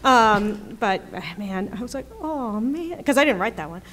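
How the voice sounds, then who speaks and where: A woman TV writer on a convention panel, chatty and quick to laugh as she tells stories. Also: medium pitch, animated, a bit bright. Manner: chatty, laughs often mid-story. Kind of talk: panel discussion.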